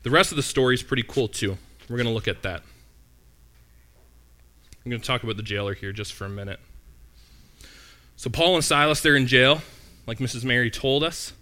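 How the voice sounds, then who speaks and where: A man's voice: mid-range voice, fairly quick, pauses often, bright, forceful tone. A man preaching a sermon in a conversational, storytelling way, often asking the listeners questions.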